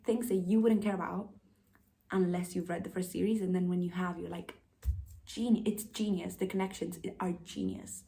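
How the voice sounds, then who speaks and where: A woman's voice: on the low side, fairly even intonation, normal speed, vocal fry, dark tone. A young woman vlogging casually about books, gushing and emotional, sometimes dropping almost to a whisper. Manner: gushing, emotional, drops to a near whisper at times. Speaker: book vlogger. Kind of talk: casual vlog chat.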